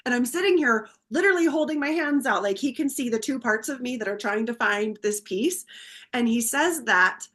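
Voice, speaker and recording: A woman guest on a podcast, telling a personal story in a heartfelt, animated way. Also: on the high side, normal speed.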